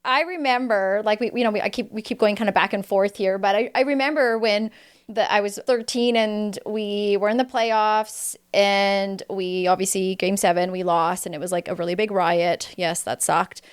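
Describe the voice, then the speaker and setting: A woman's voice: mid-range voice, steady tone, normal speed, clean tone. A woman, hosting a podcast in a casual, chatty way, often restarting her sentences. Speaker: podcast host. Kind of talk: casual conversation.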